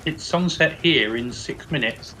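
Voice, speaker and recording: A man's voice: on the high side, a little slow, pushed and bright, slight background noise, poor audio. A man co-playing a game on stream, giving matter-of-fact reminders. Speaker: co-player on stream. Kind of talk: casual gaming chat.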